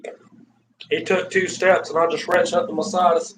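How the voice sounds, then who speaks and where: A man's voice: sits high, level tone, fairly quick, fairly bright tone, slight background noise, rough recording. Rambling man telling a story. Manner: rambling, repeats himself, acts out quoted lines. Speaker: live streamer. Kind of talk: casual storytelling. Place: in a car.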